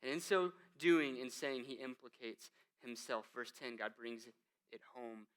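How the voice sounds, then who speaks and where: Bright, crisp-voiced male pastor preaching. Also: mid-range voice, steady tone, unhurried. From United States. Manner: conversational preaching with asides, "man" and "right?"; swings from hushed to emphatic. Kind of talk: sermon.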